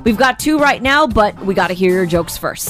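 A woman's voice: mid-range voice, lively intonation, brisk, fairly bright tone, soft background music. A woman co-hosting a morning radio show, chatting in a casual, opinionated way and laughing easily. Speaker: radio co-host.

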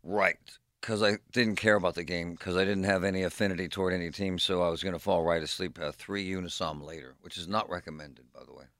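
A middle-aged man co-hosting a radio talk show, telling stories in an animated, ranting way. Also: deep voice, brisk, few pauses, dry recording, clean studio sound. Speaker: radio co-host. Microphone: studio microphone.

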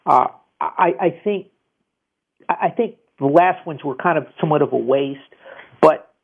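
A man with a somewhat high, gravelly and husky voice hosts a call-in money advice radio show. He talks casually and rambles, stumbling over repeated restarts. The sound is thin and tinny, like a phone line. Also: moderate pace.

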